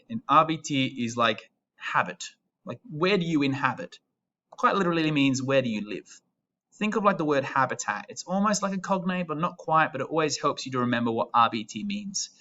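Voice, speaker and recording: A young Australian teacher in his twenties explains an Italian lesson step by step, patient and chatty, in a recorded classroom session. His mid-range voice is bright and forceful, and the sound is lo-fi.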